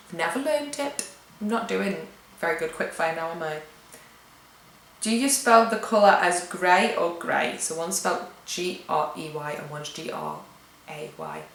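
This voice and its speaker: A woman's voice: medium pitch, reverberant, poor audio. A young woman from England with a British accent, reading out tag questions and answering them offhand in a casual vlog chat at home. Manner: chatty, reads questions aloud and answers offhand. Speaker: vlogger.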